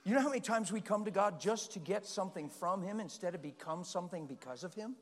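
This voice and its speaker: A man preaching a sermon in a passionate, animated way, with sudden loud bursts. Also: high-pitched, quick pace, long reverb tail.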